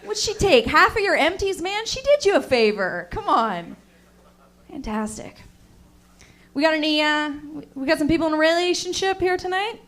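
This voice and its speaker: A young woman works through a stand-up set with dry, deadpan asides to the crowd. Her voice sits high, and her delivery stays flat and unhurried. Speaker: stand-up comedian.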